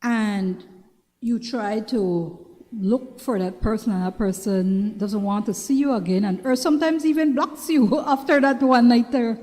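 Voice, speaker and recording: A woman's voice: a little high, unhurried, dark tone. A woman with a Belizean accent hosting a talk show, giving casual advice in a chatty way, often repeating herself and asking if you understand. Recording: long reverberant room sound.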